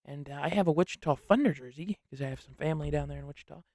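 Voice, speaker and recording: A young man hosting a casual solo sports podcast, rambling and excitable with lots of slang. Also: fairly high pitch, very fast, dry recording, clean studio sound. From upstate New York. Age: young adult.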